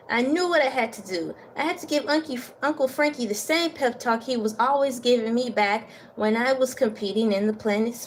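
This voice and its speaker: A woman's voice: a little high, a little hiss or hum. A woman reading a children's novel aloud, stopping for casual remarks and stumbling over a few words. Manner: stumbles over words, laughs at her own slips; casual asides between read passages. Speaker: book reader.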